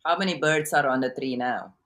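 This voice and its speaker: A woman coach talking as an interview guest on a video call, halting with many restarts and repeats as she teaches through a story. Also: very deep voice, fairly bright tone. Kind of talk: casual interview talk.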